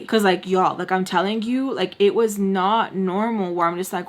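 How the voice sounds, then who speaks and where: A woman's voice: medium pitch, brisk. Young woman telling an emphatic storytime. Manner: emphatic, peppers talk with "like", drops to murmured asides. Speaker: storytime vlogger. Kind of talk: casual storytime while doing makeup.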